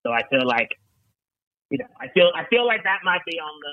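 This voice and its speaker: A man's voice: fairly high pitch, sing-song, brisk, no room sound, muffled recording. A man putting on a brash, swearing American talent agent. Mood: sleazy. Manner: loud, boastful, swearing, stammering restarts. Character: brash, foul-mouthed middle-aged male talent agent. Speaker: caller.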